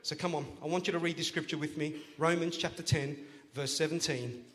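A man preaching a sermon as pastor, playful and joking, then rising to loud, emphatic calls to the congregation. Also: a little high, steady tone, a little fast. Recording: long church hall reverb.

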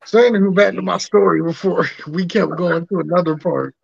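A man with a gravelly, fairly high voice tells laid-back stories in casual podcast banter. His audio is dull and lo-fi, dry with no room sound. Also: fairly even intonation, a little fast, no echo. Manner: laid-back storyteller, profane. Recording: dull lo-fi mic.

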